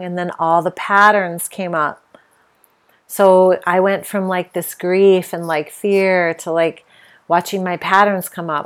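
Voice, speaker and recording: A middle-aged woman hosts her own podcast in a reflective personal monologue. She speaks candidly and with feeling, often reaching for fillers. Her voice sits slightly low. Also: fairly even intonation, a little slow. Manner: candid, emotional, with many fillers. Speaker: podcast host.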